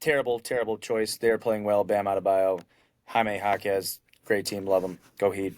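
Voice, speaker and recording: A man's voice: on the low side, level tone, moderate pace, no room sound. Upbeat man on a dry, close mic. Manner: upbeat, talks through his picks. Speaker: podcast co-host. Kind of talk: casual sports chat.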